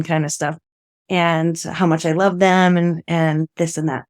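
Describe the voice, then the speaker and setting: A woman's voice: fairly low pitch, fairly even intonation, moderate pace, dry recording, studio quality. A woman guest telling a personal story in earnest, often laughing and acting out what people said. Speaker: interview guest.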